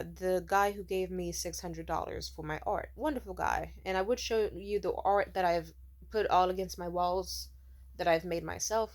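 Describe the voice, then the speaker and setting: A young woman with a fairly low voice rants casually from her home. She rambles and swears often. She fills her speech with "like.". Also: creaky, a little mellow. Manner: rambling, profane, many "like" fillers. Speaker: vlogger. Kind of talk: casual storytelling rant. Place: at home, sitting.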